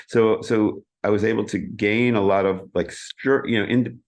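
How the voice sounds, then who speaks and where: A middle-aged man with a fairly low voice talks in an easy, chatty interview manner. He is animated and often breaks into sung "da da da" patterns to show a rhythm. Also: moderate pace, few pauses. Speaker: interview guest, keyboardist. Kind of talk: casual interview chat.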